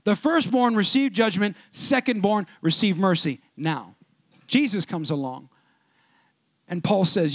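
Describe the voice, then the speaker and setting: A male pastor with a high-pitched voice delivering an emphatic sermon. He repeats his points and calls out to the congregation. The sound is dry and close. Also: expressive, measured pace, no room sound.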